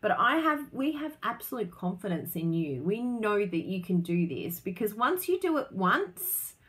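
A woman's voice: medium pitch, big pitch swings, normal speed, fairly bright tone. A woman hosting a casual live stream, bubbly and chatty, laughing often as she talks to viewers. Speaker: craft business host.

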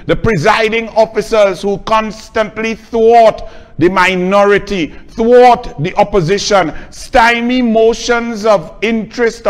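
A middle-aged man with a Trinidadian accent, delivering an angry, accusatory political rant. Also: high voice. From Trinidad and Tobago. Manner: scornful, accusatory and forceful. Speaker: political commentator.

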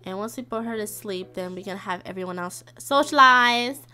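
A woman's voice: medium pitch, moderate pace, pushed and bright, clean tone. A young woman giving chatty, dramatic commentary while playing a life-sim game, talking straight to her viewers. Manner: chatty, dramatic, squeals and laughs, talks to the viewers. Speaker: gaming streamer. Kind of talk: casual Let's Play commentary.

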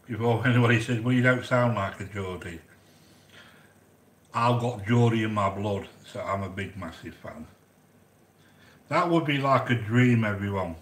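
Male cooking host, mid-pitched, effusive live-chat rambler, roomy reverberant sound. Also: fairly bright tone. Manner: effusive, gushing, repeats himself with fillers. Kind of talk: casual live-stream chat reading viewer comments. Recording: echoey room.

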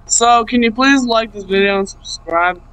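A man's voice: extremely high pitch, moderate pace, sharp tone, clear, resonant tone, rough recording. A young man chatting jokily while playing a video game with a friend. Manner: jokey, silly, plays with accents. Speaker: gaming YouTuber. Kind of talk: casual gameplay chat.

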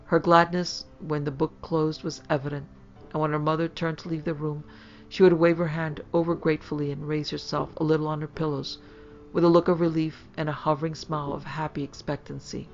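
Gravelly woman reading a ghost story. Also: deep voice, lo-fi sound, soft background music. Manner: measured, steady storytelling. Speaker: podcast narrator. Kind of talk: scripted storybook narration.

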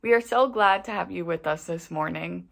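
Midwest woman doing the church welcome, lowish voice, earnest and friendly. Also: moderate pace, gravelly, a bit bright. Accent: Upper Midwest American. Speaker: worship welcomer. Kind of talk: scripted welcome to online worship.

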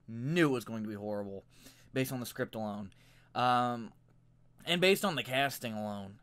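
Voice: mid-range voice, fairly bright tone. Swearing, exasperated ranting vlogger. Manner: profane, exasperated, rambling. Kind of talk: angry ranting commentary. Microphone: microphone a little way off.

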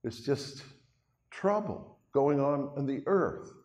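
An older Canadian pastor preaches to his congregation in a church hall, keeping it chatty and folksy and turning aside now and then to address listeners directly. His medium-pitched voice is expressive, slow, and a little mellow. The recording carries the long reverb of the hall.

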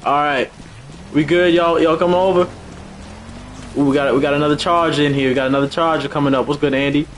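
A young man hosting a live car meet stream, talking casually and excitedly, often repeating short commands and laughing quickly. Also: a little high, slight background noise. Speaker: livestream host running a car meet. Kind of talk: casual live game commentary.

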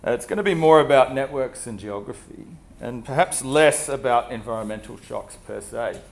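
A man with a cold delivers an academic seminar talk. His voice is husky, and he speaks in a measured way, often pausing on fillers. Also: medium pitch. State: has a cold, coughing. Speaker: guest lecturer.

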